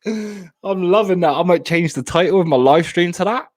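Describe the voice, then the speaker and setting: A man's voice: sits high, moderate pace. A young man from Plymouth, chatting casually on a live stream at home, often stammering and repeating words. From Plymouth, England.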